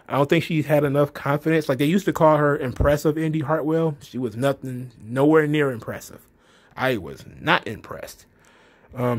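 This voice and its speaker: A man giving a casual spoken recap of a show, blunt and excitable, swearing freely and filling gaps with "you know". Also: medium pitch. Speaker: wrestling show reviewer.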